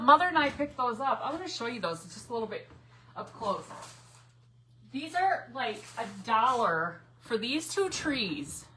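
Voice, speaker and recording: A woman hosting a casual crafting livestream from her home craft room, rambling and greeting viewers by name, with hushed asides. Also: medium pitch, a little hiss or hum. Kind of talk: casual live crafting chat.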